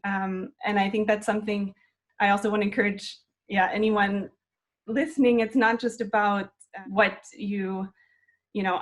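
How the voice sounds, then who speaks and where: A woman in her twenties talks about her path as a flute student in an unhurried, reflective interview conversation. Her voice is mid-pitched, and her manner is earnest and encouraging. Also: steady tone.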